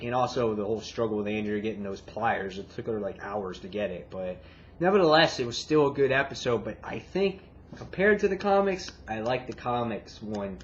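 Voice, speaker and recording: A man casually retelling a comic book issue and reviewing it, getting excited and swearing as he acts out his reactions. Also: fairly low pitch. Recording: dull lo-fi, faint background hiss.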